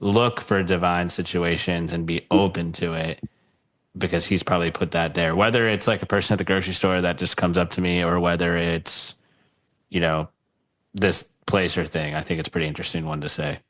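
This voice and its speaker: A man's voice: sits low, steady tone, brisk, a bit bright. A man hosting a podcast interview, talking casually with a lot of fillers and reactions. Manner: casual, laughs often, many fillers like dude and uh. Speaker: podcast host. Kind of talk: conversational interview.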